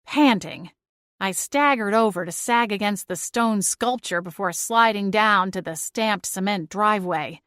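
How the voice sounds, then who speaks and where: Woman narrating a lively fantasy audiobook. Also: mid-range voice, a little slow, no echo, studio quality. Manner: lively, dramatic storytelling. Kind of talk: first-person audiobook narration.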